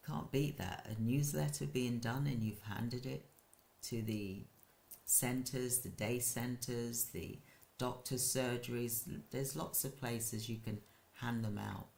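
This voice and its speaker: Man, care business owner, hosts a casual live stream, slow and gravelly, halting delivery. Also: mid-range voice, a little mellow.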